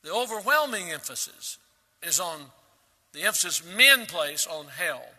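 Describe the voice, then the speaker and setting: Emphatic high-voiced male preacher in a hall. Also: big pitch swings, unhurried, slightly rough. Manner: emphatic preaching with sudden loud rises and quiet drops. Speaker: pastor. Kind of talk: sermon.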